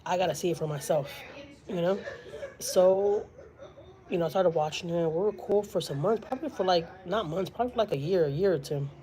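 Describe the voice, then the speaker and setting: A woman's voice: fairly low pitch, fairly quick, dark tone, poor audio. A woman from Houston, telling a story to her live-stream viewers in a chatty way, with lots of fillers. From Houston, Texas. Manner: chatty, many fillers, quotes others dramatically.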